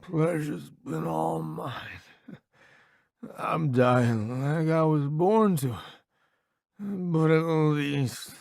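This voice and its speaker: A man voicing a dying young soldier who begs in a weak, slow, pleading voice. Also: mid-range voice, lively intonation, gravelly, slightly rough, no echo, studio quality, pitched above the performer's own voice, exaggerated voice. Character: dying young male soldier, begging and fading.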